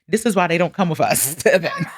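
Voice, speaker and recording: A woman's voice: fairly low pitch, lively intonation, quick pace, husky. A woman co-hosting a podcast, speaking passionately and teasing her co-host in casual chat. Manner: passionate, teasing, playful and emphatic.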